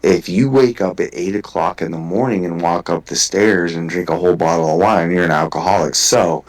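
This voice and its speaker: A man's voice: low-pitched, a little fast, poor audio. A man in a casual podcast conversation, telling a long personal story with lots of swearing and restarts. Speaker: guest.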